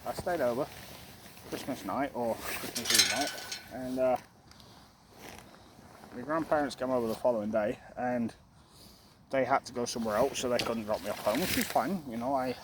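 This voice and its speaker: A young man talking candidly and reflectively while walking, out of breath, with frequent pauses and restarts. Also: medium pitch. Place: outdoors walking up a hill. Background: loud outdoor noise.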